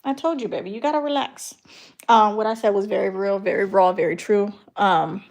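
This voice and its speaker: A woman's voice: mid-range voice, a little fast, a little mellow. A young woman chatting casually on her vlog, laughing often and trailing off with ums while she talks aside to her toddler. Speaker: beauty vlogger and mother.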